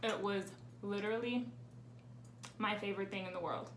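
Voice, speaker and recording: A woman's voice: medium pitch, steady tone, normal speed, fairly bright tone. A young woman answering fan questions in a casual vlog, chatty and candid, with lots of fillers. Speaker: vlogger. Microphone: camera on a tripod. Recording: roomy with faint ambient noise.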